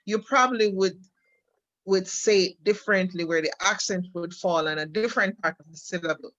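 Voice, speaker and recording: Jamaican lady chatting, bright voice, dry dull sound. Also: fairly low pitch, normal speed, dry recording. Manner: explains with examples, repeats words. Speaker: co-host. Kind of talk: casual chat.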